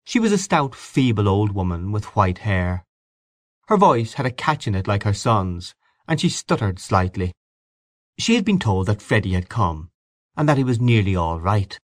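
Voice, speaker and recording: A man reading a classic story aloud in a measured, expressive way. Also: lowish voice, no room sound, clean studio sound. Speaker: audiobook narrator. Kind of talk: scripted narration.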